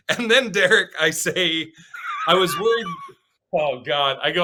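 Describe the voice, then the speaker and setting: An animated comedian from the Pacific Northwest spins stories from the stage in a relaxed sit-down chat. His voice is bright and a bit forceful. He sits slightly high for a man. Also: unhurried. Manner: animated, laughing, acts out quotes. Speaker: stand-up comedian, guest. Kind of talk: casual interview storytelling.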